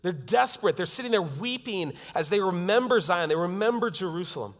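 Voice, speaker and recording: A man's voice: high-pitched, lively intonation, brisk. Earnest preaching man in a reverberant hall. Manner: earnest, swings from loud to hushed. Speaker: pastor. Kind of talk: sermon.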